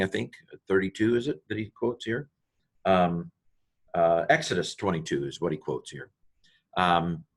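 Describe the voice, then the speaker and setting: A man's voice: low-pitched, a bit bright. A man teaching Greek in an informal walkthrough, thinking aloud as he parses each word with frequent ums and asides, delighted by small grammar finds.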